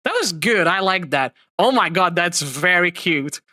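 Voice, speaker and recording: A man hosting a livestream, reacting to clips with expressive, mock-outraged chatter. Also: sits high, a little slow, no echo. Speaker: streamer host.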